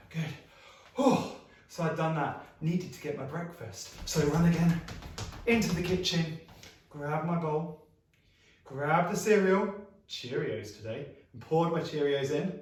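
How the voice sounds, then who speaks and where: A man leads children through an action story. His voice sits a little high for a man and stays playful and animated, with sound effects and prompts for the kids to join in. He is set back from the mic in a very echoey room. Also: far from the mic. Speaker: music practitioner leading children's singing session. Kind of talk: live online action-story warm-up for children.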